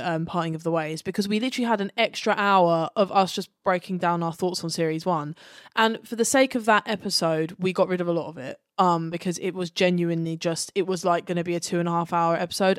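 A woman's voice: fairly low pitch, no room sound, clean studio sound. A woman co-hosting a fan podcast in casual chat, rambling and enthusiastic with lots of ums and restarts, now and then swearing. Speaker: podcast co-host and editor.

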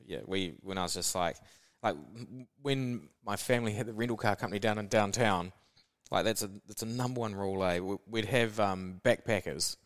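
A man's voice: fairly low pitch, normal speed, hardly any pauses. A man with a New Zealand accent, a guest on a casual podcast, talking in a laid-back, rambling way and ending lines with "eh".

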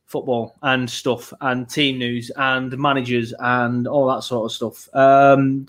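A man hosting a football podcast in loose, rambling chat. His voice sits a little high for a man, and his talk is full of fillers and restarts. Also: a bit bright. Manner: chatty, rambling, lots of fillers. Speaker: podcast host.

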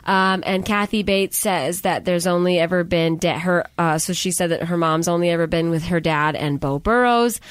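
A woman's voice: on the low side, fairly even intonation, moderate pace, few pauses, smooth, no echo. A woman co-hosting a casual podcast, retelling a movie plot in a chatty way with fillers like "um" and "like.". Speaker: podcast co-host. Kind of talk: casual movie recap chat.

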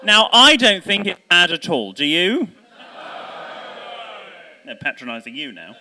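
A man hosting a live podcast chat, animated and teasing, laughing often. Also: sits high, unhurried, a little hiss or hum. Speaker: podcast host.

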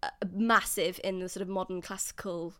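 A woman's voice: fairly low pitch, fairly even intonation, normal speed, pushed and bright, clean tone. A woman co-hosting a podcast, chatting casually and giggling often as she talks about classical music. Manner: giggly, chatty, self-deprecating. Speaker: podcast co-host.

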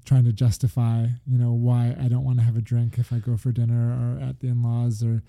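A man's voice: medium pitch, completely flat delivery, a little fast, gravelly, dark tone. A man in his thirties co-hosting a podcast, chatting casually and laughing easily. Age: 30s. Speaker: podcast co-host. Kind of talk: casual chat.

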